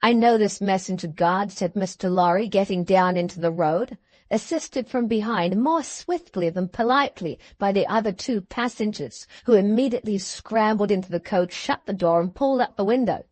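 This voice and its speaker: A woman reading a classic novel aloud as an audiobook narrator, in measured storytelling. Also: mid-range voice, a little mellow, no echo. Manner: measured storytelling, voicing the characters.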